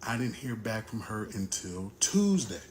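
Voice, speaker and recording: A man's voice: lowish voice, very animated, unhurried, slight background noise. A father casually telling a personal story to camera, conversational and getting heated at times. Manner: conversational, gets heated and loud when retelling the argument.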